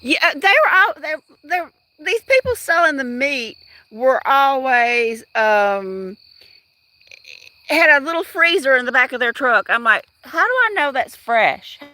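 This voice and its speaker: Woman, livestream host, high voice, rambling casual chat, addresses viewers. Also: lively intonation, measured pace, sharp tone. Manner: rambling, chatty, talks straight to viewers. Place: outdoors at dusk.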